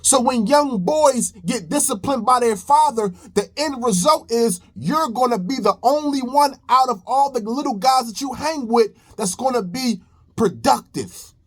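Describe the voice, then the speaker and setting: Preachy man with a high voice. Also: measured pace. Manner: preachy, emphatic, repeats phrases. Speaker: commentary host. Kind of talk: reaction video commentary.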